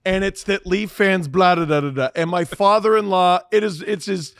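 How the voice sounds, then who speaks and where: A man's voice: high-pitched, normal speed, a bit bright, dry recording, studio quality. A man telling stories and joking as co-host of a sports podcast, swearing freely. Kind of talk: casual sports podcast banter.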